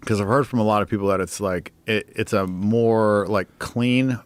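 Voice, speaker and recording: A man's voice: lowish voice, fairly even intonation, moderate pace, dry recording. A man telling stories in a casual interview, rambling with lots of fillers and swearing. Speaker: interview guest. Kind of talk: casual storytelling.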